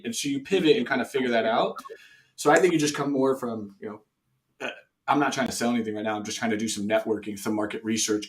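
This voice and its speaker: A man's voice: mid-range voice, slight background noise. A man talking casually as a guest, coaching on sales calls with a conversational, filler-heavy manner. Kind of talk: casual chat.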